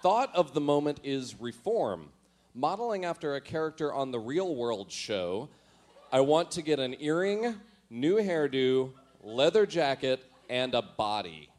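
A man's voice: mid-range voice, sing-song, a little slow, a little mellow. A man comically reads aloud from his teenage diary in a mock-earnest, dramatic way, often laughing at himself and adding sheepish asides. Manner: self-mocking, often laughing through lines; dramatic, mock-earnest delivery when reading entries. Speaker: storyteller reading his old teenage diary. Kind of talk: comedic reading of diary entries with asides.

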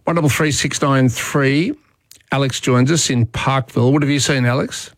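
A man's voice: medium pitch, normal speed, no echo. A man with an Australian accent hosting talkback radio, chatting in a conversational way and thinking aloud with fillers.

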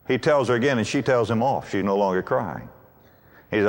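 A man's voice: mid-range voice, very animated, moderate pace. An older man preaching a sermon in a folksy way, acting out what husbands and wives say to each other. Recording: long hall reverb.

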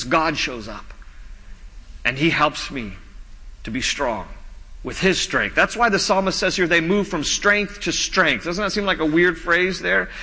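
A man preaching a sermon as pastor, earnest, slowing down whenever he reads scripture aloud. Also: fairly high pitch, bright, forceful tone. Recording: long reverb of a large hall.

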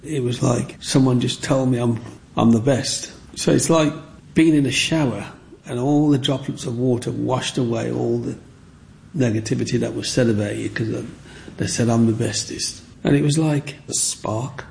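A man's voice: mid-range voice, steady tone, normal speed, gravelly, a little mellow, a little hiss or hum. A man, telling stories from his childhood in an interview and acting out other children's voices when he quotes them. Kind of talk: reminiscing storytelling.

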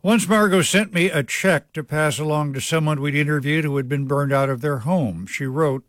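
A male radio host with a fairly high voice reads a scripted essay in a wry, fond storytelling manner. The sound is close and completely dry, as in a studio booth. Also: normal speed, hardly any pauses, a bit bright, dry recording. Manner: wry, affectionate storytelling with acted quotes. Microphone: studio microphone.

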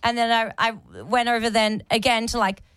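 A woman's voice: fairly high pitch, fairly even intonation, moderate pace, a bit bright, clear, resonant tone, dry recording. A young woman co-hosting a radio show, telling a story in casual chat and acting out the quotes. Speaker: radio co-host and real estate agent.

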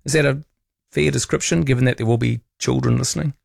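A male radio host, chatting wryly and teasing gently as he reads out listener texts. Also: mid-range voice, fairly even intonation, fast talker, creaky, no room sound, studio quality. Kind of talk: casual late-night radio chat.

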